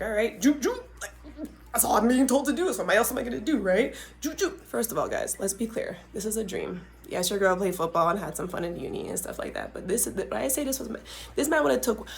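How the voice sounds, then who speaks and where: A young adult woman hosting a podcast, retelling a story in a dramatic, animated way with frequent asides to her listeners. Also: medium pitch. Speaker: podcast host. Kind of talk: casual storytelling.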